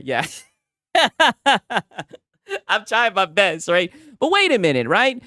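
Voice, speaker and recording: A man reacting to posts on a casual stream, animated and laughing, with "right?" after many lines. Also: sits high, slow pace, no echo, studio quality.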